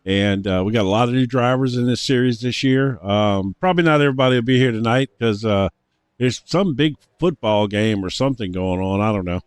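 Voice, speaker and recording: A man chats through a race broadcast, rambling and repeating himself with plenty of fillers. His voice is smooth and resonant. The sound is close and dry. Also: mid-range voice, a little fast, dry recording. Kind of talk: casual race broadcast banter.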